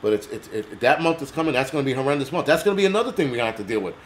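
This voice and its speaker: A man's voice: medium pitch, lively intonation, rapid-fire, slight background noise. Profane, heated American man ranting. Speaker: livestream host. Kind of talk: angry ranting livestream.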